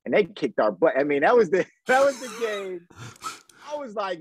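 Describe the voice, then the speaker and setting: Animated, slangy man telling a story. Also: high voice, moderate pace, breathy edge, no echo, poor audio. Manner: animated, slangy storyteller acting out quoted dialogue. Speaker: guest, former pro football receiver. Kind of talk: casual interview storytelling.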